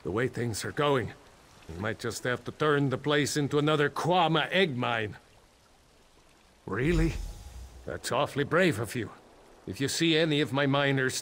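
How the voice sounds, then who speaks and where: A man's voice: medium pitch, animated, a little slow, a bit bright, slight background noise. An actor playing a nervous male mine boss in a video game, talking in a dry, sardonic way. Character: worried male mine boss, wry and jumpy. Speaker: mine owner non-player character.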